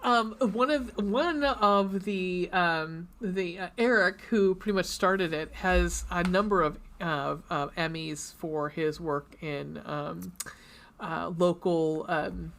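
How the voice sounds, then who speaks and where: A woman's voice: on the low side, slow, fairly bright tone. A woman co-hosting a casual book podcast, rambling with lots of ums and restarts. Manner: rambling, many fillers and restarts. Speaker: podcast co-host. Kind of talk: casual chat.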